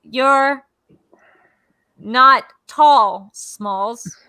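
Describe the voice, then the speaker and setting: Woman, co-host, casual comedic banter, playful, deadpan, bright voice. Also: high voice, drawn-out words, clear, resonant tone. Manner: playful, rambling, deadpan jokes. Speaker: co-host of a comedy live stream.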